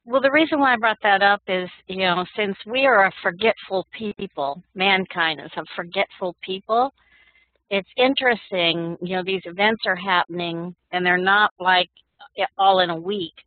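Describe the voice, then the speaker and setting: A woman's voice: mid-range voice, moderate pace, no echo, phone-quality sound. A woman taking part in a Bible study discussion, sharing thoughtful remarks with some fillers. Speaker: class participant. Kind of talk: group discussion.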